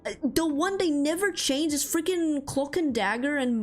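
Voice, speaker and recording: A woman VTuber streamer chatting casually about games and comics, rambling and animated, with lots of fillers and laughter. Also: high-pitched, normal speed, soft background music. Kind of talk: casual chat.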